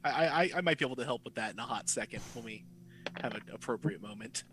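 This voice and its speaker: A man's voice: medium pitch, expressive, quick pace, background noise. A man playing a tabletop role-playing game, chatting in a playful way. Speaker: player. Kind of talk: casual tabletop play.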